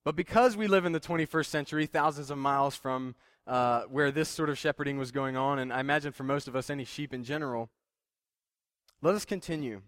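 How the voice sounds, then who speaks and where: A man's voice: mid-range voice, a little fast, a bit bright, no room sound. A young man preaching a conversational sermon, plain-spoken and self-deprecating, with frequent fillers and restarts. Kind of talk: casual sermon.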